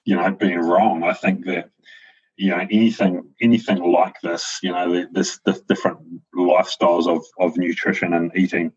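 A deep, husky man talks things over as a guest, in a flat and even tone. He thinks aloud, with plenty of fillers and restarts. The recording sounds dull and lo-fi. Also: moderate pace. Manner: reflective, hesitant, many fillers and restarts. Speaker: guest, avocado farmer. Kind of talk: casual conversation.

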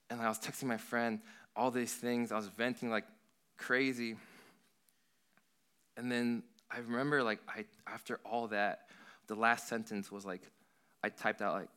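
Earnest young man with a bright, clear voice. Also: mid-range voice. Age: young adult. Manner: earnest, rambling, heavy use of "like". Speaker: worship leader giving a talk. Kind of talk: casual youth sermon.

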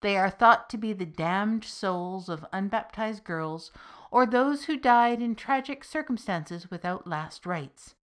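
A woman's voice: mid-range voice, animated, a little slow, lightly acted. A woman voicing a young man who opens a tale for his friends in a welcoming storyteller's tone. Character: young male courier telling a tale to friends.

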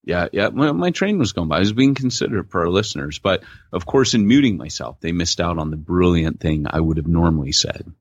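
Animated low-voiced man on a lo-fi line. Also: fairly quick, hardly any pauses, no room sound. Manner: animated storyteller, laid-back slang. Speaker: podcast co-host. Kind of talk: casual chat. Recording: dull lo-fi dry audio.

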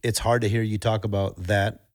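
A man with a fairly low voice runs a relaxed interview. He asks frank, reflective questions and shares his own doubts plainly. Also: moderate pace. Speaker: podcast interviewer. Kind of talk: conversational interview.

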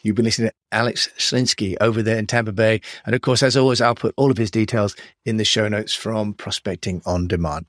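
A man's voice: fairly low pitch, steady tone, brisk, few pauses, dry recording, studio quality. A man hosting a podcast interview, speaking politely and appreciatively, with some restarts. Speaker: podcast host. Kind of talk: interview conversation.

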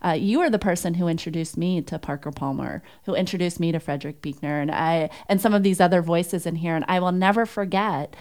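Female interview host, lower pitch, conversational and affirming. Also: brisk, hardly any pauses. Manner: warmly affirming, storytelling.

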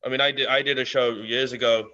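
A man's voice: mid-range voice, fairly even intonation, quick pace, bright, forceful tone, muffled recording. A man from England, a guest comedian, chatting bluntly on a podcast, swearing and laughing often. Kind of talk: casual podcast chat.

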